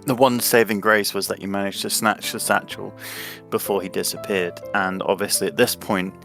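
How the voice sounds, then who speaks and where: A man narrating a tabletop game as game master, with unhurried description and a few fillers. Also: on the low side, flat delivery, vocal fry, music in the background.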